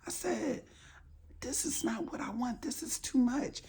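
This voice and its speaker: A woman's voice: a little high, moderate pace, mellow, a little hiss or hum. A woman in casual storytime vlog style, animatedly acting out both sides of an argument. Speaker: storytime vlogger.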